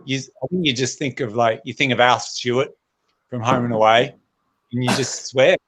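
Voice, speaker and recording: A man's voice: mid-range voice, steady tone, normal speed, fairly bright tone, low-quality recording. A man, a comedian guest, chatting casually and swearing freely on a video call. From Australia. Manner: laid-back, joking, swears freely.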